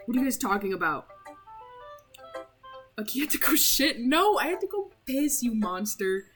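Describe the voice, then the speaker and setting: A woman's voice: high voice, very animated, unhurried, pauses often, a bit bright, faint music behind, low-quality recording. A young woman streaming a game, chatting in a playful, giggly, rambling way. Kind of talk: casual live-stream chat while playing a game.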